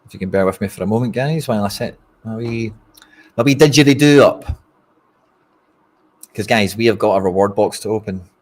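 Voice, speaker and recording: A man's voice: lowish voice, a little fast, long pauses, a little mellow. A Scottish man giving casual, frustrated live commentary on a football match to his stream viewers, talking bluntly and straight to the audience. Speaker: fan streamer hosting a watch-along.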